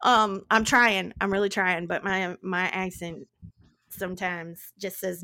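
An animated woman co-hosts a podcast in casual chat. She is playful and adds dramatic asides. Her voice sits in the middle range. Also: mid-range voice, a little slow. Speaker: podcast co-host.

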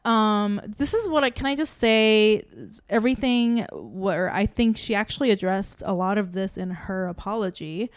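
A woman's voice: medium pitch, moderate pace, few pauses, smooth, dry recording. Woman, casual podcast co-host, rambling and profane, dry close mic. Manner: rambling, full of "like" and restarts, swears freely; acts out her own inner questions. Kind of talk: casual chat.

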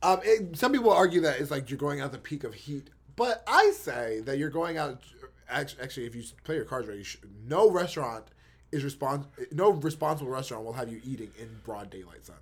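A man from New York co-hosting a casual chat, emphatic and profane, with animated rants. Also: medium pitch, a little fast, breathy edge. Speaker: podcast co-host.

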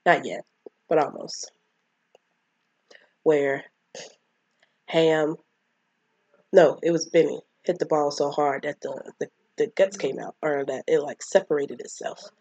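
A woman's voice: deep voice, slow, pauses often, a little mellow, dry recording. A woman casually recapping a film, rambling and acting out the characters' lines. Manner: rambling, acts out quotes of characters. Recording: dull lo-fi mic.

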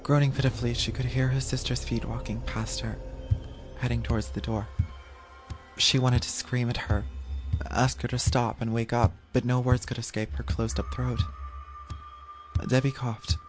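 A man narrating a horror audio drama in a measured, even storytelling voice. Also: medium pitch. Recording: music playing under the voice.

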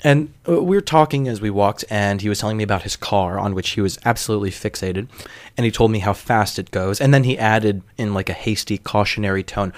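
A man's voice: lowish voice, a little fast, no room sound. Wry young man telling a story. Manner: wry, self-deprecating, with casual profanity. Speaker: podcast host. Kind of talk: personal storytelling.

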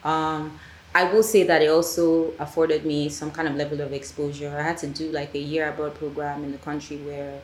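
The podcast guest is a Nigerian woman who makes films; she chats casually and acts out quotes as an animated storyteller. Her voice is deep and her pace moderate, captured in an echoey room with faint ambient noise.

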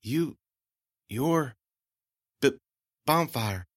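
A man voicing a frightened, mysterious young woman who stammers and speaks haltingly. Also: mid-range voice, a bit bright, dry recording, clean studio sound, pitched above the performer's own voice. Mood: awed.

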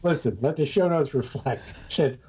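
A man co-hosting a podcast with a husky voice, joking and swearing in casual chat. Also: on the high side, moderate pace, mellow, highs cut off. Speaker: podcast co-host.

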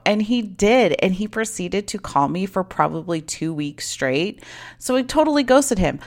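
A young adult woman with a lowish, creaky, expressive voice tells a personal story at a brisk clip in casual chat. She acts out quoted dialogue and says "like" a lot.

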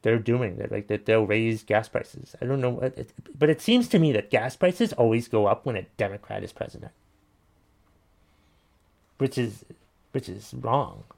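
A man's voice: medium pitch, normal speed, gravelly, darkish tone. A man hosting a casual commentary show, ranting bluntly and swearing while he reacts to listener messages. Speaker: podcast host reading listener messages.

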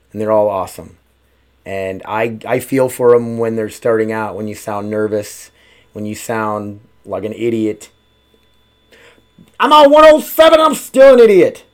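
A man's voice: lowish voice, a little mellow. A man hosting his own podcast at home, talking casually in a rambling way with lots of swearing and "uh" fillers. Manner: rambling, profane, frequent "uh" fillers. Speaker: podcast host. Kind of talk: casual solo podcast chat.

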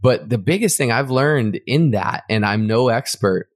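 A man's voice: medium pitch, lively intonation, measured pace, dry recording, studio quality. A man co-hosting a podcast, speaking in a reflective, earnest way in a casual interview. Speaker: podcast co-host.

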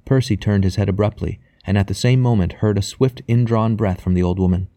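A man reading a novel aloud as audiobook narrator, in a measured, even way. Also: lowish voice, no echo. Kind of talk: scripted narration.

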